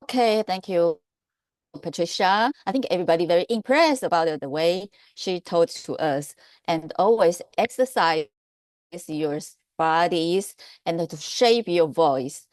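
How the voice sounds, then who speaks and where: A woman's voice: fairly low pitch, measured pace, dry recording, studio quality. A woman moderating a webinar panel, thanking the last speaker and introducing the next one, with frequent hesitations and fillers.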